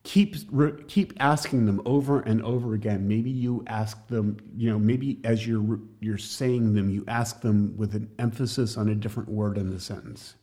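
A man's voice: lowish voice, fairly even intonation, moderate pace, few pauses, mellow. A man teaching a church class on evangelism, jokey and emphatic, talking straight to his listeners.

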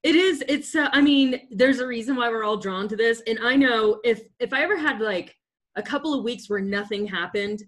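A woman hosting a casual interview chat, enthusiastic and quick to laugh as she shares memories. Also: a little high, a bit bright. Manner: chatty, laughs easily, enthusiastic. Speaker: podcast host.

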